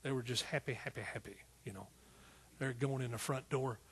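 A man in his sixties preaching a sermon as pastor, telling a personal story in soft asides and building to fervent exhortation. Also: medium pitch, brisk, husky. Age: 60s.

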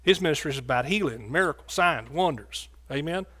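A man's voice: on the high side, expressive, brisk, bright, forceful tone. A man preaching a sermon in a folksy, joking way.

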